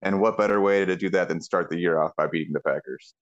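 A man co-hosting a casual sports podcast, relaxed and matter-of-fact. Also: sits low, fast, highs cut off. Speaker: podcast co-host.

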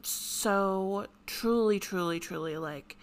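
A woman co-hosting a casual podcast chat, talking with lots of "like" fillers and breaking into sudden excited bursts. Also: mid-range voice, slow pace. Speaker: podcast co-host.

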